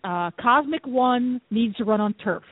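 Opinionated lady with dry humor, husky high voice, swoopy, tinny phone line. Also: animated, measured pace, no echo. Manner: dry, opinionated, self-styled curmudgeon. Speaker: radio guest. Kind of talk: casual radio chat.

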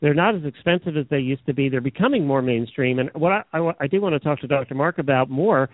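A man hosting a radio show in a smooth, upbeat presenter's way. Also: on the high side, animated, quick pace, no echo. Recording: tinny phone-like radio sound.

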